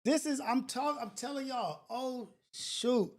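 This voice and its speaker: A man hosting a casual livestream, talking to viewers directly in an emotional, preachy way that swings between loud and soft. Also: very high voice, a little slow. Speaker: livestream show host.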